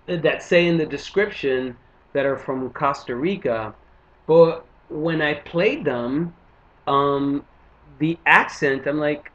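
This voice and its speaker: Animated stand-up comic from Panama. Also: male voice, on the high side. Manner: animated, acts out other people's lines. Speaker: stand-up comedian. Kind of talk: stand-up storytelling. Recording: muffled lo-fi recording.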